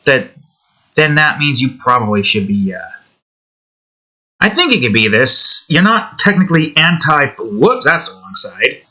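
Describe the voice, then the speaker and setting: Very animated yet measured in pace, this man has a mid-range voice with a bright, forceful tone. He's casually building his own game as a hobby developer, rambling, swearing, talking to the pieces he edits, and jokingly adopting a redneck drawl.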